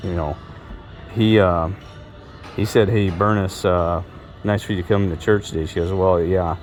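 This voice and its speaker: A middle-aged man with a low, deep voice, telling meandering stories from his life straight to camera. He keeps doubling back, stacking up fillers and restarting his sentences. Faint music plays quietly behind him. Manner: meandering, repeats himself, many fillers and restarts. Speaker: vlogger. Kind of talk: rambling personal storytelling.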